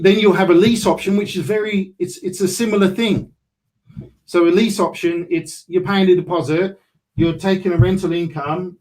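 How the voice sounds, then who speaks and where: A man's voice: high-pitched, darkish tone, low-quality recording. A man mentoring a group on property deals, brash and salesy, swearing casually as he talks.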